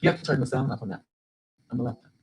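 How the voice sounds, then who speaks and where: An older woman, a grandmother, telling a story to an audience about writing her first children's book, animated and rising with excitement. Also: very deep voice, racing, vocal fry, a little hiss or hum, low-quality recording. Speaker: guest speaker, children's book author.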